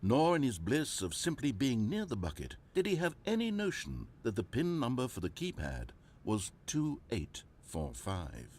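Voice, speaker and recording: A dry game narrator. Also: male voice, mid-range voice, normal speed, few pauses, a little hiss or hum. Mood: narrating. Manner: dry, mock-dramatic, deadpan. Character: wry omniscient adult male storyteller narrator. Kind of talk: scripted storybook narration.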